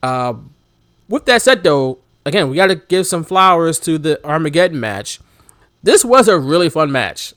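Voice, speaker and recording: A man co-hosting a casual wrestling chat, animated, laughing often and shouting out imitations of commentators. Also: on the high side, normal speed, no echo, studio quality. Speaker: podcast co-host.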